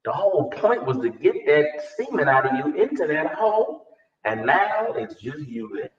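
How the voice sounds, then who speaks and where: A man's voice: fairly high pitch, sing-song, moderate pace. A man preaching a blunt sermon full of street slang. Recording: distant, echoey, dull recording.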